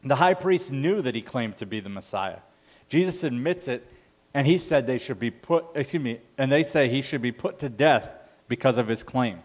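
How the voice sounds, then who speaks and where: Male pastor, mid-pitch, casual conversational sermon delivery with fillers. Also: lively intonation, moderate pace. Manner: conversational, self-correcting with fillers.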